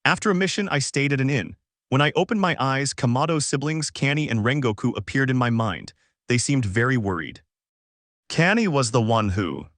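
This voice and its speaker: A man voicing a blunt, urgent young male swordsman in a fan story reading, well above his own pitch. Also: lively intonation, normal speed, fairly bright tone, no echo, studio quality.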